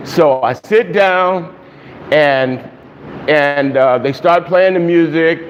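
A man with a high voice preaches to his congregation, telling a story with lively laughter and chanting out the crowd's lines. His voice rings through a reverberant church hall. The recording is dull and lo-fi, with a faint hiss underneath. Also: slow. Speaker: pastor. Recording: long reverb, dull lo-fi sound, faint noise.

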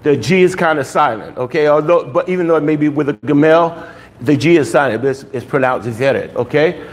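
In a low-quality recording, a man with a slightly high voice teaches a language class at a brisk pace. He stays patient as he explains, checking understanding with frequent "okay?".

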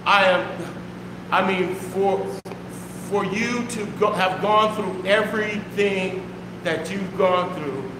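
Preaching slowly in a high register, a man addresses his congregation during a church sermon. He's forceful yet warm, repeating the phrases that matter most, and the echoing hall carries some background noise.

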